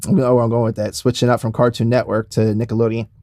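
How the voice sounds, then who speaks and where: A man co-hosting a casual podcast chat, laughing often, his mouth dry and a little hoarse. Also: medium pitch, level tone, quick pace, darkish tone, dry recording. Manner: laughing, does cartoon voices. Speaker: podcast co-host.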